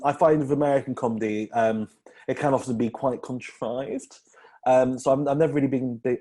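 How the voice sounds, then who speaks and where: A man's voice: mid-range voice, mellow. Rambling man, comedian guest. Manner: rambling, filler-heavy, laughs often. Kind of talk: casual podcast interview.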